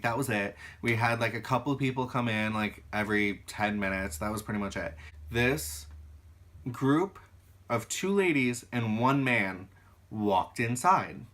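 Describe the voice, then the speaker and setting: A young man telling work stories casually on his channel, animated and swearing freely as he acts out arguments. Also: medium pitch. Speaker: YouTuber. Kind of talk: casual storytelling.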